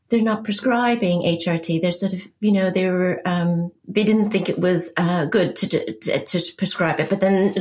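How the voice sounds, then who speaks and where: A woman, a mother and podcast guest, recounting her experience hesitantly with fillers and repeats. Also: medium pitch. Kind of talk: personal storytelling.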